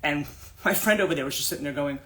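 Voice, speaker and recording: A woman's voice: low voice, quick pace, fairly bright tone, slight background noise. A woman life coach hosting a livestream, telling a story casually with many restarts and asides, into a phone mic.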